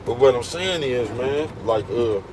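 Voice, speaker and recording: A man's voice: mid-range voice, animated, unhurried, noisy background. A man vlogging in a casual rant, full of street slang and the same catchphrase over and over. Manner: streetwise slang, repeats "you know what I'm talking about".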